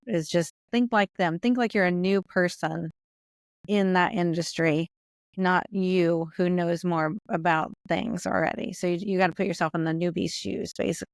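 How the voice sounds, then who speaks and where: A woman guest on a podcast explaining her ideas over a remote call in a relaxed way, often saying "I feel like". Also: fairly low pitch, no room sound, clean studio sound. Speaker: podcast guest, business founder. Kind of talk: conversational interview answers.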